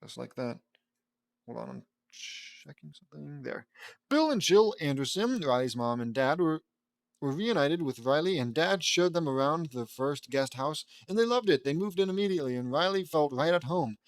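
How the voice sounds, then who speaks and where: A man's voice: fairly high pitch, expressive, normal speed, creaky, no echo. A man reading his fan fiction aloud, stopping often to rant and laugh at it with stumbling restarts.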